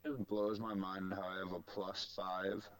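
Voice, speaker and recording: A man's voice: low voice, level tone, unhurried, fairly bright tone, clean tone, no echo. A man playing a tabletop game, complaining about his dice and rambling with fillers. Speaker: player. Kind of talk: casual tabletop game banter.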